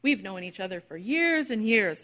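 A woman's voice: medium pitch, sing-song, normal speed, a bit bright, highs cut off. A woman voicing a polite friendly bat.

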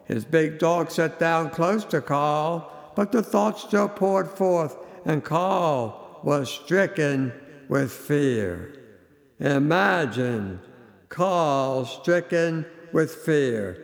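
A man preaching a sermon as a story, with a slow, emphatic, dramatic delivery. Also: a little high, expressive, creaky. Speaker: radio preacher. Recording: long hall reverb.

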